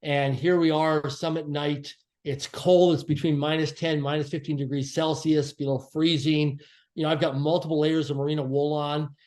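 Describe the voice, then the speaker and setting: A man with a fairly high voice speaks as a podcast guest. He tells his story earnestly and reflectively, easing off the pace whenever he wants a phrase to land. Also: level tone, normal speed, darkish tone.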